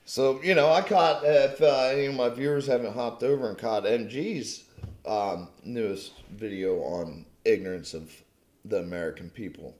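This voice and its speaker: A man's voice: medium pitch, moderate pace, a little mellow. A man ranting angrily at his viewers, swearing constantly and mocking them in a combative, profane tone. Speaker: channel host. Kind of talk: angry profane rant to camera. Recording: roomy echo.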